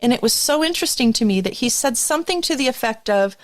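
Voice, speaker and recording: Bright-voiced woman hosting a parenting podcast. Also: fairly high pitch, lively intonation, fast, dry recording. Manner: warm affirming, shares personal parenting stories. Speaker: podcast host. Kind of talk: podcast interview.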